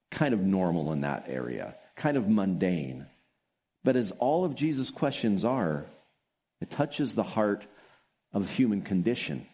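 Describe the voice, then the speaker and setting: A man preaching a sermon as pastor, telling stories with soft laughs and drawn-out emphasis. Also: fairly low pitch, slightly rough.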